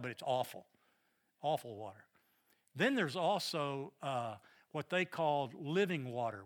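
A man's voice: mid-range voice, a bit bright. A middle-aged man with a Southern American accent, teaching a Bible study lesson in an earnest, emphatic way and often repeating words.

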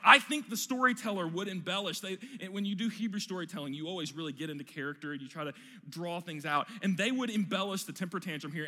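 Bright-voiced, animated male preacher. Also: sits high, big-room sound. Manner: animated, emphatic storytelling. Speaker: pastor. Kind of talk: sermon.

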